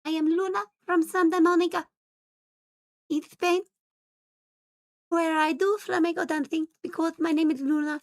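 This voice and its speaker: A woman's voice: very high voice, steady tone, normal speed, pauses often, pitched above the performer's own voice. A woman voicing a female pet cat as a flamboyant flamenco dancer, in a put-on sing-song Spanish accent. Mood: showy.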